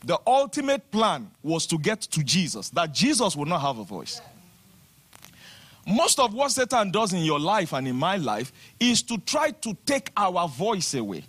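A man's voice: sits high, huge pitch swings, unhurried, fairly bright tone, slightly rough. A man with a Nigerian accent preaching a fervent sermon and leading the congregation in spoken declarations. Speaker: pastor.

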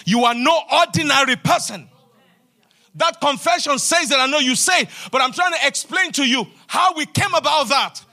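Here a pastor with an extremely high-pitched voice delivers a sermon at normal speed. He stresses his points through repetition and many hallelujahs, and his sing-song preaching now and then falls to a hushed rebuke.

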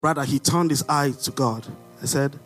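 A man with a Nigerian accent preaching a sermon as pastor, animated with rhetorical questions and sudden shouts. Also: mid-range voice, moderate pace, faint music behind.

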